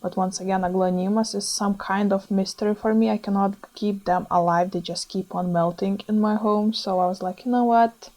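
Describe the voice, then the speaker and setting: A young woman with a Lithuanian accent, chatting excitedly over her own plant shopping footage with small grammar slips. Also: medium pitch, a little fast, hardly any pauses, low-quality recording. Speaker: plant vlogger.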